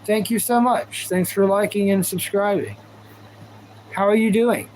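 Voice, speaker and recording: High-voiced rambling man streaming live. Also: fairly even intonation, a little slow, a little mellow, slight background noise, poor audio. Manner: goofy, rambling, talks to chat. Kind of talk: casual live-stream chat.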